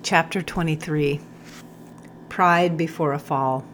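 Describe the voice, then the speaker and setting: A woman narrating an audiobook in a calm, measured storytelling manner. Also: low voice, a little hiss or hum.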